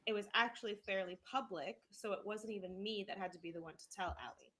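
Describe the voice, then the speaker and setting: A woman's voice: medium pitch, fast, low-quality recording. Woman co-host reading a story aloud. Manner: animated reader with laughs. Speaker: podcast co-host. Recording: noticeable background noise.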